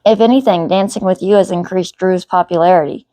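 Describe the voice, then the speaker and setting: A woman's voice: on the low side, brisk, dark tone, no room sound, lightly acted. A woman voicing an emphatic, teasing teenage boy.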